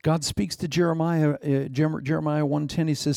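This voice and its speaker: Gravelly, emphatic male preacher. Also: steady tone, normal speed, few pauses, mellow, no room sound, studio quality. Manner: emphatic preaching with repeated phrases and sudden jumps in pitch. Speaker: pastor. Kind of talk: sermon.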